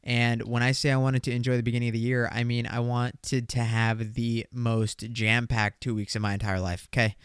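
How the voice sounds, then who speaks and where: A man's voice: mid-range voice, flat delivery, normal speed, hardly any pauses, smooth, no echo, clean studio sound. A young man hosting a casual solo podcast, talking in a loose, slangy way and swearing as he jokes. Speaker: podcast host.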